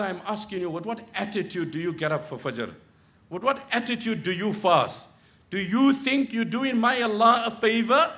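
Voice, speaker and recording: High-voiced impassioned male preacher. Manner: impassioned, swings from hushed storytelling to loud pleading. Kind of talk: sermon. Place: Islamic center.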